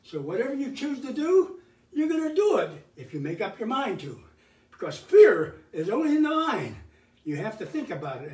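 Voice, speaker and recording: High, lively older man coaching a workout. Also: recorded from a distance. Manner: energetic, cheering coaching with counted cues. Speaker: fitness show host. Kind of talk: live workout instruction. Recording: roomy sound from away from the mic.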